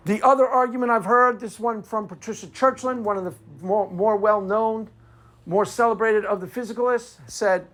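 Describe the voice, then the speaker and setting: A man's voice: high-pitched, steady tone, normal speed, fairly bright tone. Combative sarcastic man lecturing. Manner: combative, sarcastic, repeats rhetorical "Why?". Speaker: apologetics commentator. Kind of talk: argumentative monologue.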